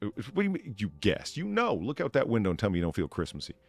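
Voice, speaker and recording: A man's voice: on the low side, huge pitch swings, racing, vocal fry, dry recording. An American man hosting a casual chat, with a sarcastic, mock-pompous way of talking. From United States. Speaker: podcast host.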